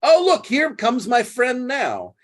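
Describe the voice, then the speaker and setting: A man's voice: high-pitched, animated, normal speed. A man voicing a rude, boastful, drunken old knight who blusters indignantly. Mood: blustering.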